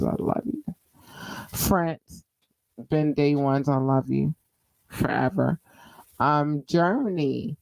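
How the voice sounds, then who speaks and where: Slow, gravelly-voiced woman podcast host. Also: deep voice, darkish tone, no echo, poor audio. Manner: loose, affectionate, slangy, swears freely. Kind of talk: casual solo podcast chat.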